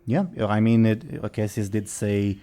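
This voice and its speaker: Guy running a tabletop game, low mellow voice, easygoing. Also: little pitch movement, a little slow. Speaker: game master.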